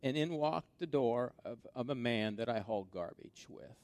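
Delivering a sermon, a middle-aged pastor shares tales of his younger days, alternating hushed remarks with bursts of loud excitement. He speaks at normal speed in a mid-range voice.

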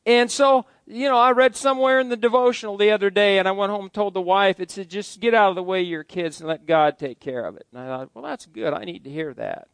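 A man's voice: high-pitched, fast, gravelly, few pauses, dry recording. A middle-aged male pastor preaching a sermon in a folksy way, joking with his congregation between points.

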